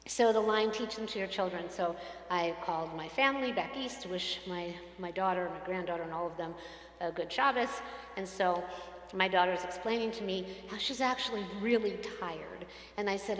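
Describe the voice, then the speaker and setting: Older lady rabbi chatting thru a sermon, mid-pitched voice, big reverby sanctuary. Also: normal speed. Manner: warm storytelling, chatty asides. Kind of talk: sermon with congregational reading. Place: synagogue sanctuary. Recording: echoey hall with long reverb.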